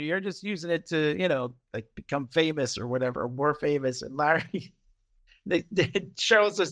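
A podcast co-host talks through a TV episode in a loose, chatty way, slipping into voices for the characters. His voice sits high and swoops widely. There is a gravelly edge to it. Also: normal speed. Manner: animated retelling, acting out quotes, laughing often. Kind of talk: casual chat.

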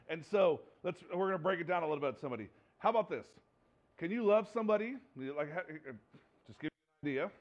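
Animated high-voiced male pastor preaching. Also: fast talker, highs cut off. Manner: animated, rhetorical questions, acts out quoted voices. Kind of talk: sermon.

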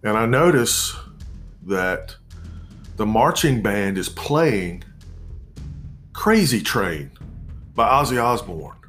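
A man in his forties telling a personal story in a measured, reflective way, pausing and restarting as he goes. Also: fairly low pitch, very animated, a bit bright, faint music behind.

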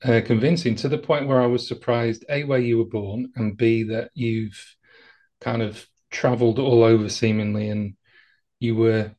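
A man's voice: medium pitch, steady tone, moderate pace, darkish tone. A man hosting a podcast, asking curious, well-prepared questions of his guest. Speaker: podcast host. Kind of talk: interviewing.

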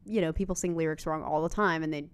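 A young woman co-hosting a podcast, telling stories in an animated, profane, laughing way. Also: low voice, quick pace, smooth. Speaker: podcast co-host. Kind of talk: casual storytelling chat.

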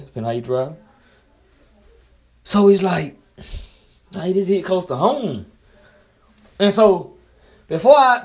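Southern man, young adult, freestyle vlog rant: profane, rambling, repeats lines, flips from loud outbursts to low mutters; voice sits a bit high. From Alabama, US. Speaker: vlogger commenting on news. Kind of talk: casual freestyle commentary.

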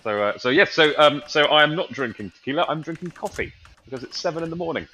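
A bright-toned man who has just woken up joins a podcast as a guest. He rambles sheepishly and pokes fun at himself. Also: on the high side, expressive, quick pace. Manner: sheepish, rambling, self-deprecating. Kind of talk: casual chat.

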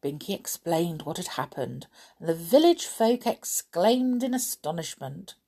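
A woman reading a children's storybook aloud in an expressive, measured storytelling manner. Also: on the low side, breathy edge.

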